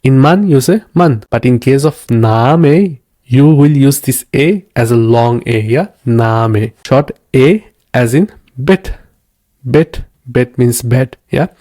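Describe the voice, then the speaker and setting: Slow, patient male language teacher. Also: medium pitch, warm tone, no room sound, clean studio sound. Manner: patient, repeats each word twice with frequent "okay?" checks. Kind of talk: slow step-by-step language lesson.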